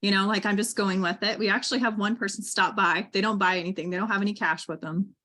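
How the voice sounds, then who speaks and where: A woman's voice: mid-range voice, steady tone, fast talker, bright, forceful tone. A woman hosting a casual conversation, chatting loosely with many fillers. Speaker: podcast host. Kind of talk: casual chat.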